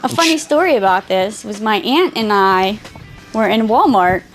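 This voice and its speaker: An actress chatting on a DVD commentary track, telling stories in an animated way and acting out other people's voices. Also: female voice, mid-range voice, normal speed, faint music behind. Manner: animated storyteller, acts out voices.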